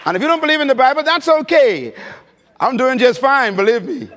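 A man's voice: very high voice, very animated, brisk, a bit bright, a faint crowd, slight background noise. A male preacher giving an emphatic sermon at a conference, telling stories and prompting his audience. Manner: emphatic, storytelling, engaging the audience with questions. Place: large conference hall. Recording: long reverb of a large hall.

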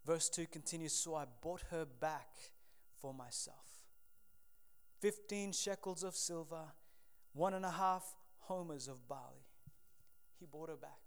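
A man preaching a sermon, swinging between loud appeals and hushed moments. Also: fairly high pitch, unhurried. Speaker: pastor.

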